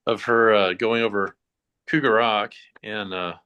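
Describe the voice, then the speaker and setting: A man, a horse trainer and podcast guest, speaking earnestly and reflectively, with frequent pauses and fillers. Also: on the low side, steady tone, clear, resonant tone, lo-fi sound. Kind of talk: casual interview chat.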